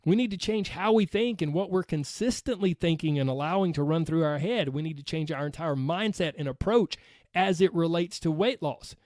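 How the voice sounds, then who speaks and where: A weight loss coach with a Southern accent talks through a solo podcast episode, earnest and motivational, often checking in with a quick "right?". His voice is high for a man with a darkish tone, and the dry sound has no room around it.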